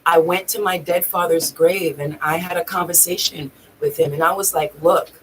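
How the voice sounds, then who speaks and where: A woman's voice: lowish voice, steady tone, normal speed, a little hiss or hum, rough recording. A woman vlogging, telling a personal story in a raw, emotional way, swearing freely and near tears at times. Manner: raw, profane, tearful at times.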